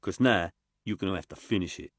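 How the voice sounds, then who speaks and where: A man's voice: deep voice, a little fast, gravelly, a bit bright, no echo, clean studio sound, full character voice. A man voicing a cocky, blunt teenage squatter dressed as a pirate. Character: swaggering teenage boy squatter in pirate garb.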